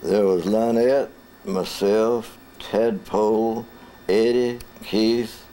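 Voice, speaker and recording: A man's voice: fairly low pitch, steady tone, drawn-out words. A man narrating a home-made action video in an earnest, storytelling voice-over. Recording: voice-over over loud music. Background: loud music.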